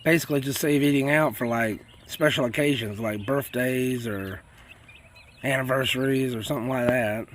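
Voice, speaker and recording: Out on a farm beside his chickens, a South Carolina man hosting a homesteading channel rambles in folksy, chatty talk, often saying y'all. His mid-range voice moves at a normal speed over slight background noise.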